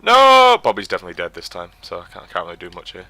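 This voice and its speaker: A young man giving live commentary while playing a game, swinging from quiet muttering to excited yelps. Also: deep voice, very fast, no room sound. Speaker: streamer.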